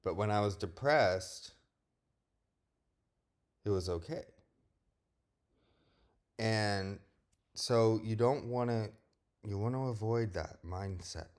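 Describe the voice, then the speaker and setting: A young man with a deep, low-pitched voice talks straight to the camera in a personal vlog. He is blunt and candid, and he swears freely. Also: slow pace, long pauses, darkish tone. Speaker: vlogger. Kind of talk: personal monologue.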